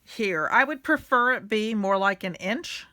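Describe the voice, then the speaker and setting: A woman's voice: mid-range voice, expressive, unhurried, bright, forceful tone. A middle-aged woman, hosting a casual craft tutorial and chatting while she works. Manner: chatty, self-deprecating, talks while working.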